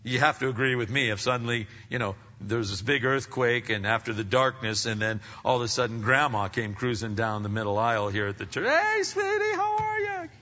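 A man's voice: steady tone, brisk, hardly any pauses. Preaching man echoing in a church hall. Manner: dramatic swings between loud emphatic peaks and hushed low passages. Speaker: pastor. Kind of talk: sermon. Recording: muffled sound with long hall reverb.

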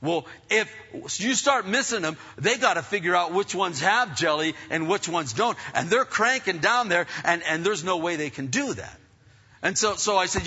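A middle-aged man preaching through a personal story, rambling and animated with many restarts. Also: a little high, normal speed, slightly rough. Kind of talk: sermon storytelling. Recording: dull, echoey hall sound.

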